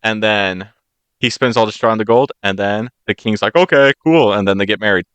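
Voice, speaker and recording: A man from the United States co-hosts a casual podcast and retells a fairy tale, slipping into playful voices for its characters. His voice sits a little low and sounds smooth and clear. The recording is dry, with no room sound. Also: little pitch movement, brisk, a bit bright, no room sound. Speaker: podcast co-host. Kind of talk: casual chat.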